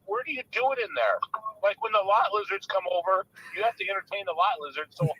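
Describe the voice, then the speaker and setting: A man's voice: sits high, fast talker, slightly rough, no echo, muffled recording. A man calling in to a live stream, chatting casually and telling a rambling joke. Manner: rambling, restarts jokes, lively delivery. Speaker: guest caller.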